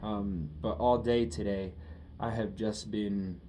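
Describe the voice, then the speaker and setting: A man's voice: fairly low pitch, fairly even intonation, takes it slowly, mellow, a little hiss or hum. A young man talking through a casual personal monologue, emotional and profane, often repeating himself. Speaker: vlogger.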